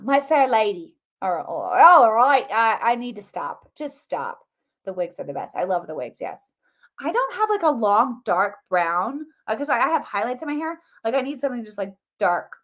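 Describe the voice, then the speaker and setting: A middle-aged woman hosts her own live commentary show, speaking in an easy, mid-pitched voice. She rambles and restarts often, calling out to her viewers as she goes. The delivery is animated and conversational. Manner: animated, rambling, many restarts and fillers, addresses viewers as guys. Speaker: host of a political commentary livestream.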